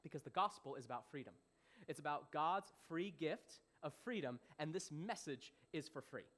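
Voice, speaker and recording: A young man teaching a Bible passage as a young adults pastor, conversational and animated, often repeating himself and checking if listeners follow. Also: on the high side, normal speed. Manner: animated, repeats phrases, asks "does that make sense".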